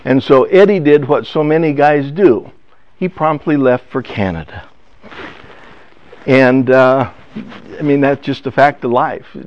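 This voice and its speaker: An older man telling a family story in a personal testimony talk, halting and emotional, with many restarts. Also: mid-range voice, a little mellow, no echo. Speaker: speaker. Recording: dull lo-fi sound.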